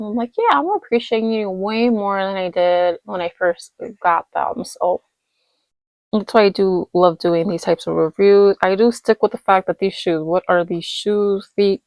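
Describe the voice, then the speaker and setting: Her mid-range voice is gravelly, and the recording is rough, though there's no room sound. She's a doll-collecting vlogger casually reviewing dolls late at night while tired, rambling and chatting with plenty of fillers and corrections of herself.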